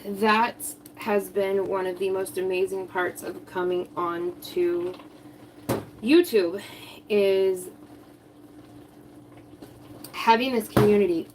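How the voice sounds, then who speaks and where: A woman's voice: medium pitch, steady tone, slow pace, long pauses, background noise. A woman hosting a crafting channel, chatting casually and a bit out of breath, rambling with lots of ums. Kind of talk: casual live chat while crafting.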